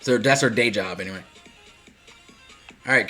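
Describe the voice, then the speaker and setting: A man's voice: fairly low pitch, moderate pace, pushed and bright, faint music behind. A man casually commenting on a life-sim game while streaming, chatty and rambling, laughing often and answering viewers.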